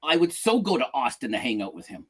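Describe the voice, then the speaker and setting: A man's voice: medium pitch, big pitch swings, quick pace, a bit bright, breathy edge. A middle-aged man co-hosting a podcast in casual chat, joking and repeating himself. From outside the United States. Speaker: podcast co-host.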